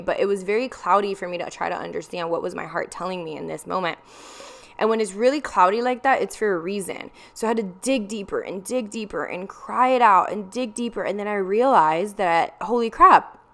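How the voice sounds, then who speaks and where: Candid young woman with a smooth voice. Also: medium pitch, a bit bright. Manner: candid, confessional, with frequent ums and likes. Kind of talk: personal storytelling vlog.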